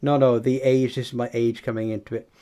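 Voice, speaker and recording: A man's voice: medium pitch, level tone, fast talker, dark tone. A man from Wales hosting a casual group chat, laughing often and rambling through restarts. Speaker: podcast host.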